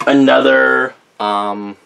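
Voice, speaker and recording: Young guy rambling slowly thru a list, keeps fixing his own slips, mid pitch. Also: steady tone, gravelly, a bit bright, a little hiss or hum. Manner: rambling, reads out names with frequent self-corrections. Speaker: vlogger showing a candle collection. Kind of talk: casual chat.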